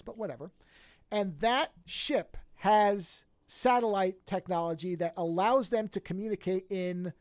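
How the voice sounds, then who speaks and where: A medium-pitched podcast host, recorded in studio quality with no echo, gives an energetic, casual recap of a TV series. Characters' lines get acted out, and sentences are frequently restarted or corrected midway.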